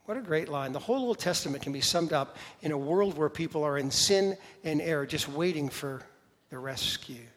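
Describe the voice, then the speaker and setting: A man delivers a sermon in a church sanctuary, with a voice that sits a little high for a man. He talks conversationally, throws out rhetorical questions and slows down on key words for emphasis. The room adds a long, echoing reverb. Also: lively intonation. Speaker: pastor.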